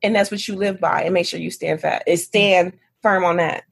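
A woman guest and author telling a story in a casual interview, animated and laughing often. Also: on the low side, moderate pace, creaky, breathy edge.

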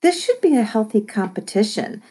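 A woman's voice: medium pitch, sing-song, normal speed, mellow, slightly rough, voice pushed up. A woman voicing a tired, stern mother scolding her squabbling kids in a storybook reading.

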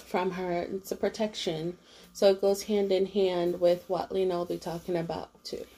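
A young woman co-hosting a casual podcast, telling stories with an animated, laughing delivery. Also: lowish voice, normal speed. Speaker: podcast co-host. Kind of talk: casual chat.

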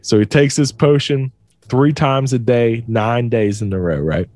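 A man's voice: mid-range voice, unhurried, a little mellow, dry recording. A young man casually retelling a story to a friend, loose and profane, laughing often.

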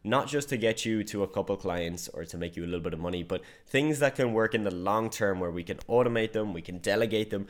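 A male business coach delivering an online lesson in a frank, conversational way. He speaks with a slightly low voice. He deliberately moves his tone up and down and leans on key words. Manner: direct, emphatic, conversational, varied tonality. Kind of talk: online course lecture.

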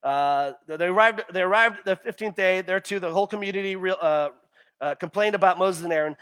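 A male pastor preaching a sermon in an animated way, often stumbling and repeating words as he acts out the people's complaints. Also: high voice, brisk, clear, resonant tone.

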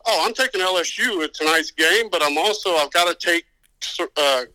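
A man's voice: high voice, normal speed, pushed and bright, dry recording, poor audio. A man with a Southern accent, chatting as a guest on a podcast, talking in a hyped, profane, promo-style way. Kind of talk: casual chat.

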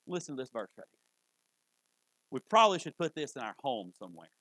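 A man preaching a sermon in a church in a folksy, conversational way, with sudden loud bursts. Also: mid-range voice, sing-song, fast talker, dry recording, low-quality recording. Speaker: pastor. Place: church sanctuary.

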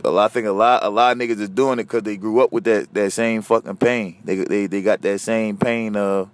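A man hosting a podcast, ranting casually and profanely, veering from loud outbursts to low muttering. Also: fairly even intonation, brisk, few pauses, smooth. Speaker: podcast host. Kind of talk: casual solo rant.

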